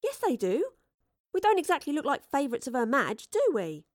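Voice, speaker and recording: A woman voicing a wary, nimble young woman who speaks in a hushed, skeptical way. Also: high-pitched, very animated, brisk, no room sound, studio quality, pitched above the performer's own voice.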